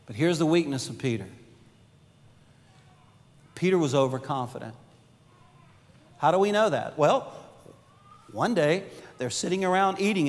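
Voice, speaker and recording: Animated pastor with a high voice in a reverberant hall. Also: male voice. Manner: animated storytelling, acts out quoted voices. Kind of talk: sermon. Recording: long hall reverb, faint music behind.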